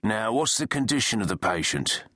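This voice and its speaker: Man as a calm paramedic on the phone. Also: on the low side, normal speed, no echo, clean studio sound, pitched above the performer's own voice, exaggerated voice. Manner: calm, reassuring.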